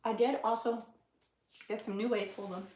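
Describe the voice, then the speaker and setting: A woman's voice: on the high side, steady tone, moderate pace, reverberant, very noisy. A middle-aged woman hosting a casual livestream, chatting with viewers, laughing often and talking into her phone. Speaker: livestream host.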